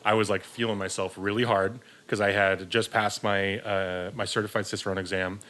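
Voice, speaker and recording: A man's voice: on the low side, flat delivery, normal speed, bright, forceful tone. A man, a podcast guest who works in beer distribution, telling a rambling story in casual chat, swearing freely and laughing at himself.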